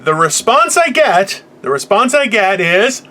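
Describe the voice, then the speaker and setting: High, bright-voiced ranting man. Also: big pitch swings, unhurried. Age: 40s. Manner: profane, boisterous and laughing. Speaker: podcast host. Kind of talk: comedic motivational rant.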